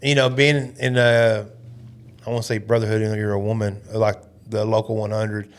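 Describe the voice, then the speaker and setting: A man's voice: on the low side, little pitch movement, normal speed. A man hosting a podcast, asking questions in a loose, joking way. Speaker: podcast host. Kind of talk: casual chat.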